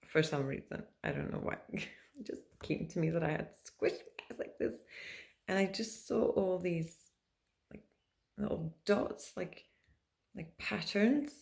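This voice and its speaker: A woman with a low voice and a gravelly, creaky edge recounts a personal experience straight to camera. She rambles and hesitates, circling back with fillers and restarts as she tells it. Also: a little mellow. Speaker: vlogger.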